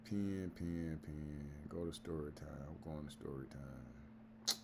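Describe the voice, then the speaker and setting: A man's voice: a bass voice, slow, heavy background noise. A man reacting to a clip, muttering casual asides to himself.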